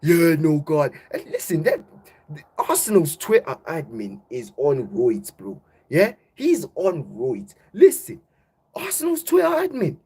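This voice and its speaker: A young man hosting casual football banter, ranting loudly and animatedly, packing his talk with slang and repeated "bro". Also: fairly high pitch, huge pitch swings, measured pace, breathy edge. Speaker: football channel host.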